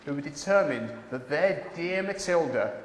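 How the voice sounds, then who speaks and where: An English man narrating a community stage musical in a measured storytelling way. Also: on the high side, expressive. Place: large echoey hall stage. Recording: echoey hall from far off, noisy.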